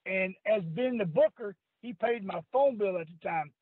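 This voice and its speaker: An older man, telling rough, salty wrestling-road stories on a radio podcast, often breaking into laughter. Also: high voice, moderate pace, dry recording. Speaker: guest, retired wrestler. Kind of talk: storytelling on a call-in radio podcast. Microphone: phone line. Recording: tinny phone line, dry.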